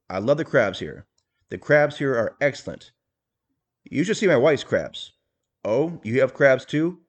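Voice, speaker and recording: A man playing an awkward, boastful rich politician in a comedic impression monologue, bragging in a stiff, folksy way with clumsy jokes. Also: medium pitch.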